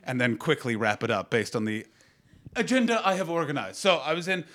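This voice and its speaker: A Canadian man in his thirties hosts a live improvised comedy podcast, doing crowd work in a small room. His mid-range voice has lively intonation. He riffs brashly and rapidly with lots of swearing, sometimes bursting into shouts.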